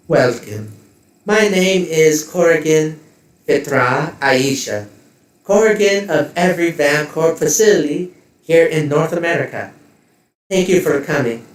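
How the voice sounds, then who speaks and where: A man voicing a poised, smiling female corporate executive who speaks politely while making quiet threats. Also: fairly high pitch, heavy reverb, recorded from a distance, voice pushed up, lightly acted. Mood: welcoming. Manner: polite, measured, coolly threatening.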